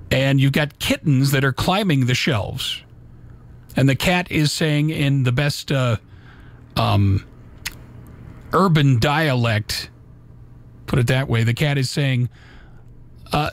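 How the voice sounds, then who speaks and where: A man's voice: mid-range voice, dry recording. A man hosting a live radio talk show, reading holiday memes aloud in a folksy, casual way with little asides.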